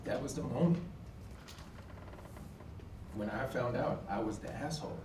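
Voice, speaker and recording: A man in his forties telling a personal story on stage, animated and acting out the dialogue. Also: mid-range voice, unhurried, background noise. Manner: animated, acts out quoted dialogue with emphatic outbursts. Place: college event hall. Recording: echoey hall from far off.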